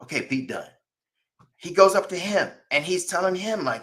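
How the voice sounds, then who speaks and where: A man hosting a podcast, chatting casually about wrestling, rambling with many fillers and restarts and rising excitement. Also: high-pitched, normal speed. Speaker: podcast host.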